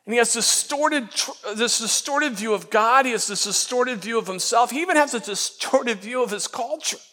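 A man preaching a sermon as pastor, animated and acting out the voices he quotes, often repeating words as he goes. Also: very high voice, moderate pace.

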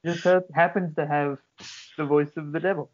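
A man's voice: on the high side, fairly even intonation, moderate pace. A man co-hosting a podcast in casual chat, dropping dry wisecracks, on muffled lo-fi audio. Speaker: podcast co-host.

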